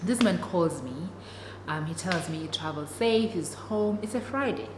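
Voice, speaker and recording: Telling her viewers a story-time tale, a young South African vlogger, isiXhosa by first language, keeps things chatty and dramatic. Her fairly low voice is animated and moves at normal speed. The recording has an echoey room, long reverb and faint noise.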